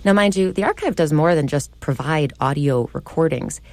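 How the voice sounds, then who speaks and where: A woman's voice: sits low, animated, moderate pace, a little mellow, no echo. A woman radio reporter narrating a feature in a conversational, lightly scripted way.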